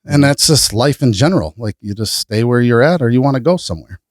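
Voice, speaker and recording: A man talking as a podcast guest, blunt and animated, swearing freely as he tells stories about his business. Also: mid-range voice, quick pace, no echo, clean studio sound. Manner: blunt, profane, animated storytelling. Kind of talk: casual interview chat.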